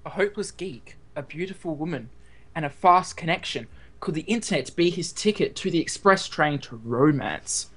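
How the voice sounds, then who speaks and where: A man's voice: a little high, expressive, moderate pace, fairly bright tone. A man from Australia co-hosting a casual podcast over a video call, playful, also reading a short blurb aloud. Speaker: podcast co-host.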